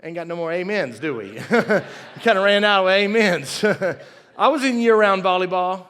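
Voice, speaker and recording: A middle-aged preacher with a drawl and a fairly high voice, cracking jokes at his own expense and calling out to his congregation. His sermon rings out through a big church sanctuary with a long reverb trailing behind him. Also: animated, measured pace, a bit bright, smooth. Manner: folksy, self-deprecating, jokes with the congregation. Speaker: pastor.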